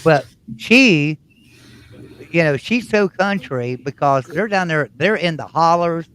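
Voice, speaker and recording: A man's voice: on the high side, animated, slow, fairly bright tone, clean tone. A man with a West Virginia Appalachian accent, hosting a casual chat and telling rambling, folksy stories. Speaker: host.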